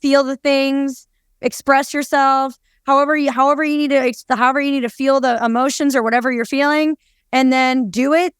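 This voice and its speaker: High-voiced playful woman podcast host. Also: fairly even intonation, dry recording, clean studio sound. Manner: playful, repeats herself, quick bursts of speech. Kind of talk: casual conversational podcast chat.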